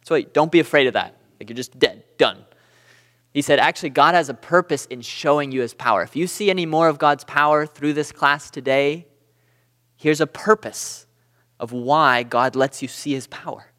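A man from Southern California teaching a church Bible class, conversational and animated, with storytelling asides. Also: on the high side, moderate pace, big-room sound.

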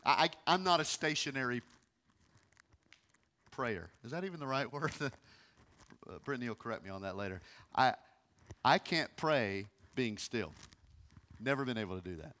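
A man in his thirties, a pastor preaching a sermon, moving from quiet, hushed passages to loud, pleading ones. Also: mid-range voice, expressive, normal speed, long pauses. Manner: emotional, swings from hushed to loud.

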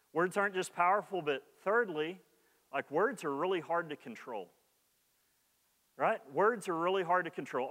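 Man, pastor, sermon, fairly high voice, casual restarts, long hall reverb. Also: fairly bright tone. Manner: conversational preaching with many restarts and "like", rising in energy.

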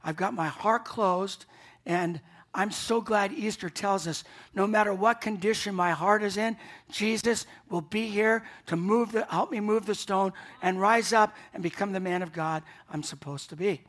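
A man's voice: high voice, moderate pace, a bit bright. Pastor, male, Easter sermon; earnest, emphatic delivery with restarts and repeated words. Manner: earnest, emphatic, repeats himself when building a point.

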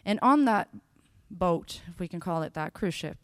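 A woman preaching a sermon, telling Bible scenes with lively voices and slowing down on key phrases. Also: on the low side, no room sound. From Sweden. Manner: expressive, acts out scenes with sudden loud bursts.

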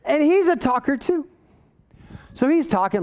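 This is a male pastor delivering a sermon with a notably high-pitched voice. He tells stories in a relaxed, self-deprecating way and then presses his point with real emphasis. He sounds middle-aged. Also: unhurried. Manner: storytelling, self-deprecating and conversational, rising to emphatic preaching.

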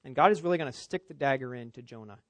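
A man preaching an expository sermon, emphatic, climbing for stress and dropping low for asides. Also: expressive, rapid-fire, no room sound. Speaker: pastor.

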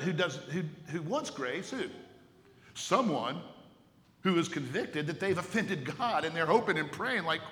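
A man's voice: on the high side, animated, unhurried, a bit bright. A male pastor preaching a sermon emphatically, with rhetorical questions and repeated words. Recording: echoey hall with long reverb.

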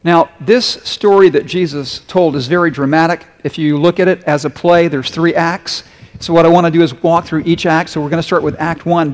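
A man's voice: a little high, long reverb tail. A male pastor delivering a sermon, talking conversationally and asking his congregation questions as he reads and explains a story. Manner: conversational preaching with rhetorical questions.

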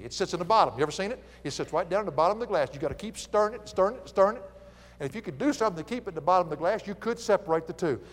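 A Southern preacher from the American South delivers a folksy sermon, telling stories and chuckling as he teaches. His voice sits high and the sound is big, like a large room.

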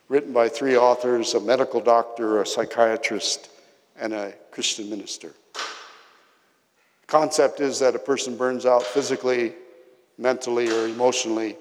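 A man preaching a sermon, telling stories with emphatic pauses and quiet drops in his voice. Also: mid-range voice, fairly even intonation, a little hiss or hum. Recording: long reverb of a hall.

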